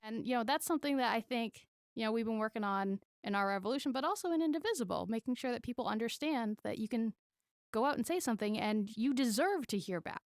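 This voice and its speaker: A woman's voice: fairly high pitch, expressive, fast talker, no echo, studio quality. A woman guest on a podcast, telling campaign stories in a chatty, rambling way with lots of fillers. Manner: chatty storyteller, many "like" fillers. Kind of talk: casual podcast chat.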